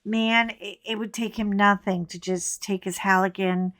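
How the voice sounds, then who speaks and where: A woman's voice: medium pitch, steady tone, normal speed, a bit bright, no echo, clean studio sound. A woman, probably middle-aged, chatting casually and frankly while she colors, telling a gossipy story. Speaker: coloring channel host.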